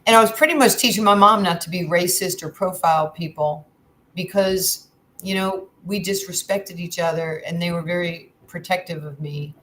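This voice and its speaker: A woman in her sixties from New York, speaking as a guest, tells candid stories at a moderate pace in a lowish voice and acts out the dialogue with lively energy. The recording is rough, with a little hiss or hum.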